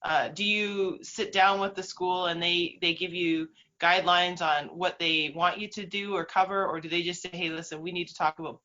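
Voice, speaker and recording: A woman's voice: fairly low pitch, fairly even intonation, normal speed, few pauses, pushed and bright. A woman hosting an interview over a video call, asking friendly questions and laughing easily. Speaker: host. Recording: dull lo-fi call audio.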